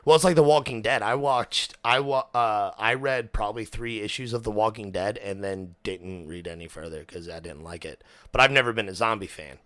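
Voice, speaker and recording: A young man with a low, bright, forceful voice talks loosely as a podcast host. He is animated and full of fillers and restarts. The sound is close and dry. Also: a little fast, no echo. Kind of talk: casual chat.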